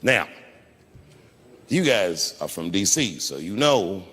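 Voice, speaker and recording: A man doing a stand-up comedy set on stage, telling stories in an animated way and acting out other people's lines. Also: sits low, takes it slowly. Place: theater stage before a live audience. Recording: live stage recording with crowd and hall echo.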